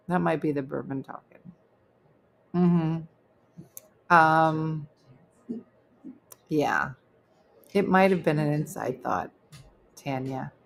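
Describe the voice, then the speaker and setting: A middle-aged woman with a slightly low voice, hosting a casual live show. She rambles through funny stories, chats with viewers and laughs at herself. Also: gravelly, a bit bright. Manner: chatty, rambling, laughs at her own stories. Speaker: host of a live chat show. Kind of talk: casual storytelling chat with viewers.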